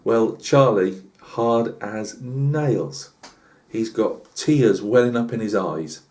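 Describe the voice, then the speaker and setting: A British channel host with a fairly low, darkish voice takes his time telling a rambling comic tall tale. He's chatty, filling it with asides and fillers.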